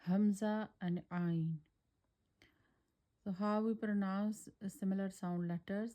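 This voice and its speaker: Slow, mellow woman drilling letter sounds. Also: medium pitch, steady tone. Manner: drawn-out syllables, repeated drills. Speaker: Quran teacher.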